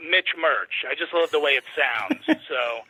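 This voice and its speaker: A man's voice: a little high, measured pace, sharp tone. A man co-hosting by phone, chatting casually in a rambling, self-deprecating way full of "you know.". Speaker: co-host. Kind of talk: casual chat. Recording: tinny phone line, dry.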